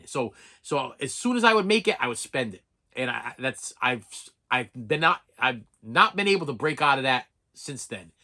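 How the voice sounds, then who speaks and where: A man's voice: medium pitch, bright, forceful tone. A middle-aged man ranting heatedly on his vlog, rambling and stammering through restarts. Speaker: collector vlogger. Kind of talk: emotional unscripted rant.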